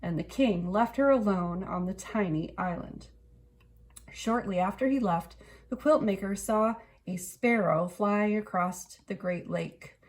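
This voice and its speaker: A woman reading a children's picture book aloud in an expressive storytelling way. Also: medium pitch, a little slow. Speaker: storybook reader.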